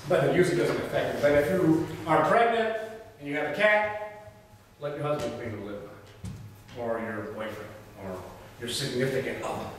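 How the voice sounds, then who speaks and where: A man's voice: mid-range voice, normal speed. Folksy man lecturing in an echoey hall. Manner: folksy, animated storytelling, colloquial. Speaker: veterinary technology professor. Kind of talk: classroom lecture with anecdotes. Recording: echoey hall, voice from far off, faint noise.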